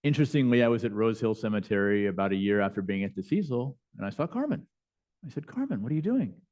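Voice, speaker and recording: A man's voice: on the low side, expressive, quick pace, darkish tone. A man, a bishop and chaplain, telling stories in a conversational lecture with frequent fillers and restarts. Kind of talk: lecture storytelling. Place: lecture hall.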